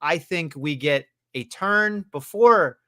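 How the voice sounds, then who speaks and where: Podcast guy, kinda high-pitched, annoyed and cussing about wrestling booking. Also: takes it slowly, pushed and bright. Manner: exasperated, profane. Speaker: podcast co-host. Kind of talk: casual wrestling chat.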